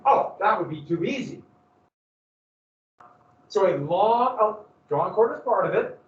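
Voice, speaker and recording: A male history teacher lecturing a class in lively storytelling style and throwing questions to the students. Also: sits high, unhurried. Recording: echoey classroom from far off, dull lo-fi.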